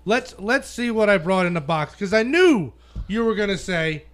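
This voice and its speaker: A man's voice: sits high, animated, normal speed, fairly bright tone. A man bantering with friends, boastful and gloating, swearing freely. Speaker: fantasy league winner. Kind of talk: casual banter among friends.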